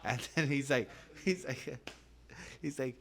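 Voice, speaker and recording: A man's voice: mid-range voice, slow, vocal fry, a bit bright. A man, a comedian, telling stories in a casual podcast chat, slangy and laughing as he goes. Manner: laid-back, slangy, peppers speech with "bro" and "dog".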